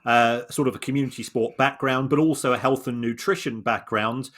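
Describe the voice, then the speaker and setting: Man, podcast co-host, middle-pitched voice, halting delivery, stop-start explaining. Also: fairly even intonation, fairly bright tone. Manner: halting, frequent restarts and repeated words; measured, explanatory. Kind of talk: conversational analysis.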